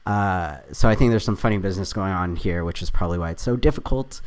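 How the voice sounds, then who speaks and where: A man's voice: low voice, fast. A man hosting his own video, thinking aloud as he works through a crossword, reading clues half to himself with chatty, self-deprecating asides.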